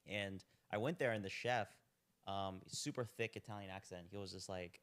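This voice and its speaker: A man's voice: sits low, normal speed, fairly bright tone. A young man telling his story as a podcast guest in a laid-back, rambling way, full of "like". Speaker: podcast guest, restaurant owner. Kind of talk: casual chat.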